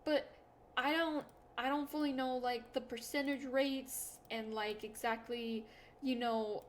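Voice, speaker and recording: Young woman, casual vlog chat, slightly high-pitched, rambling and self-deprecating, faint hiss behind. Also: fairly even intonation, unhurried. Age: young adult. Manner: rambling, self-deprecating storytelling with many fillers and restarts. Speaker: YouTuber.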